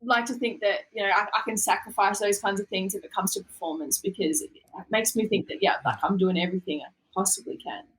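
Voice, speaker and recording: A woman's voice: medium pitch, quick pace, hardly any pauses, rough recording. A young Australian woman, a boxer being interviewed, talking casually with lots of fillers and easy laughter. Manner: relaxed, laughs often, trails off into fillers. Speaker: guest boxer.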